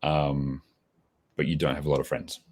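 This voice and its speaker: Very deep-voiced Australian man in his forties. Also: little pitch movement, normal speed, a little mellow. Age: 40s. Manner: reflective, with many restarts and tag questions. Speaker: podcast guest. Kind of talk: casual interview answers.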